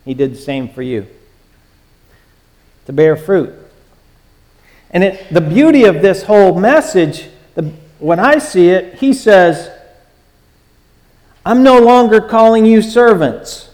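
A man's voice: sits high, very animated, takes it slowly, pauses often, darkish tone, in a large hall. A man preaching a sermon as pastor, earnest and emphatic, with many filler "uh"s.

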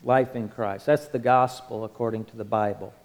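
A man's voice: on the low side, steady tone, moderate pace. A male pastor preaching a sermon with an impassioned, rising and falling cadence and lots of repetition. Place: church sanctuary. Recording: long hall reverb with music underneath.

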